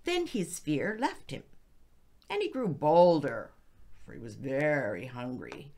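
Slow, low-voiced woman storyteller. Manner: slow, expressive reading with soft hushed passages. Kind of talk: slow storybook narration for English learners.

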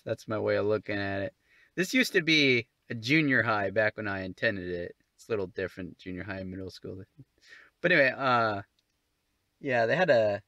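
A man's voice: fairly low pitch, pushed and bright, no echo, clean studio sound. A man vlogging casually, short on sleep, talking to his dog in an exasperated, swearing, mock-scolding way.

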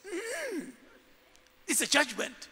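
A man preaching a sermon as a bishop, dramatic and animated, jumping from shouts to low murmurs. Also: slow pace, big-room sound, a crowd in the background.

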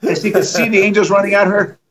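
A man telling lively stories as a guest evangelist on a livestream, acting out the quotes and joking. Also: high-pitched, fast, noisy background. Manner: animated, acts out quotes, joking. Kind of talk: storytelling in a livestream conversation.

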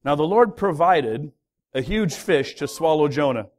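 A pastor preaching a sermon, telling a story with lively, acted-out voices of its characters. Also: male voice, fairly high pitch, a little slow. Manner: animated storytelling, acting out voices of the sailors. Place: church hall.

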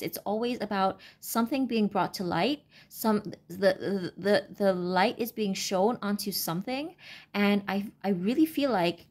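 Halting, rambling woman reading tarot. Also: mid-range voice, darkish tone. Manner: rambling, halting, many fillers and restarts. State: brain fog, stuttering. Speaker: tarot reader. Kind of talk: casual unscripted tarot reading.

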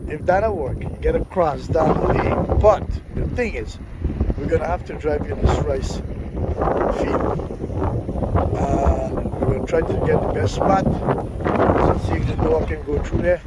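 A man with a voice on the high side talks slowly to his viewers in a casual vlog, enthusiastic as he drives through the bush outdoors. Loud engine and wind noise fill the recording.

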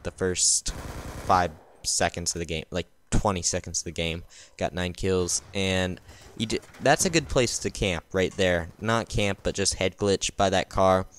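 A man's voice: deep voice, a little hiss or hum. A tired man giving a casual, rambling voice-over about a game he played, filling his talk with ums and restarts. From United States. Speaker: gaming channel host. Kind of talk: casual gameplay voice-over commentary.

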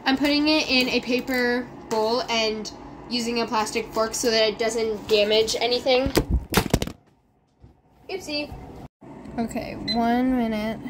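A young woman chats her way through a home cooking vlog, nervous and giggly as she talks. Her voice sits a little high. The recording carries clear background noise. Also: fairly even intonation, moderate pace. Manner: chatty, nervous, giggly commentary. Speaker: vlogger. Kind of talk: casual cooking vlog narration.

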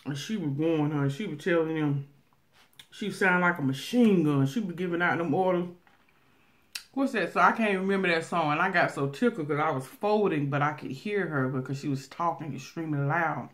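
Loud-laughing Southern country woman. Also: low voice, brisk. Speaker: vlogger. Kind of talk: casual storytelling while eating.

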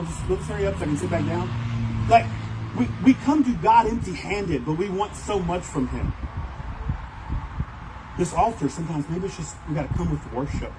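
Animated high-voiced preacher. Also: male voice, background noise. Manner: animated storytelling, acts out voices, fast bursts. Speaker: pastor. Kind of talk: sermon. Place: church.

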